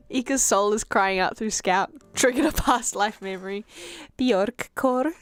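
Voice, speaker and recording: A woman's voice: medium pitch, unhurried, clean tone. A woman streamer chatting casually while she draws, rambling with self-mocking asides. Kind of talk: casual chat while drawing.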